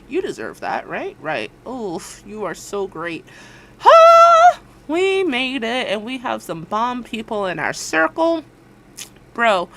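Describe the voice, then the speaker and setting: A woman's voice: mid-range voice, a bit bright, a little hiss or hum. A woman streamer, chatting casually and encouragingly with her viewers on a livestream, laughing often.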